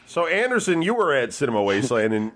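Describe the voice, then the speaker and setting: Fast-talking rambling man. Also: medium pitch, very animated, fairly bright tone. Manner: rambling, hesitant restarts. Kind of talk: casual storytelling chat.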